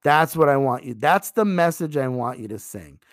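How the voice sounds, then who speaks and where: Animated, emphatic male sales trainer. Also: normal speed, no room sound, clean studio sound. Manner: emphatic, animated, role-plays pitches to customers.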